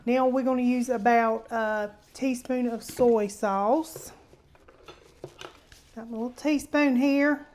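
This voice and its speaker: Lady chatting thru a recipe in her kitchen, kinda high voice, faint sizzle behind. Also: steady tone, takes it slowly, darkish tone, a little hiss or hum. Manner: chatty and homey, calls viewers honey. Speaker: cooking show host. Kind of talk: casual cooking demonstration.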